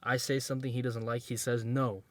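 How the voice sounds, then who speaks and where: A man talks straight to his viewers with blunt, streetwise advice, hammering each point home through repetition. His voice sits at an ordinary middle pitch, and he comes across as direct and sure of himself. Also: level tone, fairly quick, fairly bright tone, dry recording. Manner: slangy, streetwise phrasing. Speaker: dating advice creator. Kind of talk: casual advice monologue to camera.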